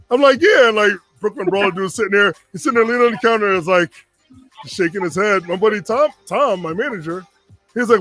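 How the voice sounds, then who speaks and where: A man's voice: high-pitched, brisk, soft background music. A man in his forties from Connecticut telling a long story casually, acting out the other people's lines. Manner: animated, acts out quoted voices.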